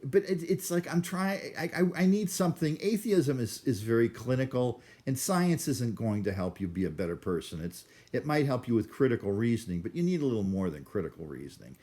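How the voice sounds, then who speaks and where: A man's voice: medium pitch, very animated, fairly quick, few pauses, warm tone. A man from Cleveland rambling through a self-deprecating, neurotic vlog monologue. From Cleveland, USA. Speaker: vlogger.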